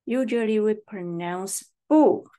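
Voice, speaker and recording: A woman with a Taiwanese accent, whose first language is Mandarin, teaching Mandarin tones in English and drilling words slowly and deliberately. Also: mid-range voice, mellow. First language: Mandarin Chinese. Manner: slow and deliberate, repeating words for practice. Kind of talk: slow tone-drill lesson.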